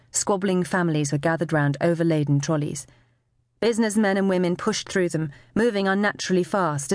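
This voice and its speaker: A woman narrating a novel as an audiobook, with expressive storytelling. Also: on the low side, dry recording, clean studio sound. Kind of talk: scripted narration.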